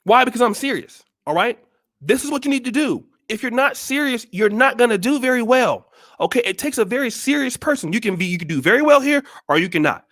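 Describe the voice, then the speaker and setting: A man's voice: very high-pitched, expressive, fairly quick. A man hosting his own channel, giving a blunt, scolding motivational monologue full of repeated rhetorical questions. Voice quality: forceful, preachy. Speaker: channel host.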